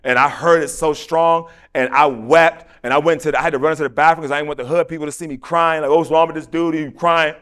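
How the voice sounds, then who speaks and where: A man preaches in a clear, resonant voice pitched a bit high. He tells his testimony with acted-out quotes, then prays with fervent repetition. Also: fairly even intonation, fast talker, hardly any pauses, fairly bright tone. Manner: storytelling, acting out quoted voices. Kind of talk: sermon testimony and prayer.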